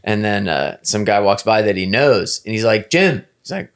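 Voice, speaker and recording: A man's voice: lowish voice, a little fast, hardly any pauses. A man hosting a podcast, chatting casually and acting out the people in his stories. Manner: animated storyteller, acts out voices. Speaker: podcast host. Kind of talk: casual interview talk.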